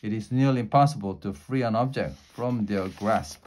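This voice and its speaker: A man reading a children's storybook aloud in a slow, deliberate way, with small slips. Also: fairly low pitch, darkish tone. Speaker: storybook reader.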